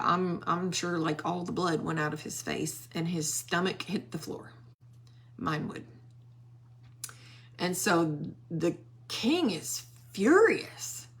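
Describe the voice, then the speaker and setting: Slow-paced woman retelling a Bible story. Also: fairly low pitch. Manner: animated storytelling with quoted character voices. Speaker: Bible study teacher.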